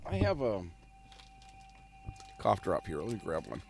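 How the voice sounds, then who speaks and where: A man giving casual gameplay commentary on a live stream, relaxed and rambling, coughing often. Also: on the low side, a little slow, vocal fry, faint music behind. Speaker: game streamer.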